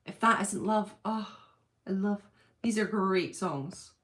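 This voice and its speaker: A woman's voice: medium pitch, slow, a bit bright. A woman chats casually on a livestream from her home. She reads viewer comments aloud and gushes over them. Her talk is loose and thinking-aloud, full of ums and restarts. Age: adult with a husband and school-age children. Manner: chatty, gushing, thinks aloud with many fillers. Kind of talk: casual live-chat.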